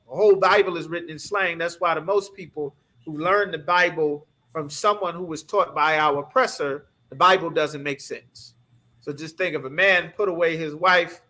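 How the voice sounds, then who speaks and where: A man's voice: on the high side, sharp tone. A man teaching a scripture class, preaching emphatically in a streetwise way and asking the class rhetorical questions. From United States.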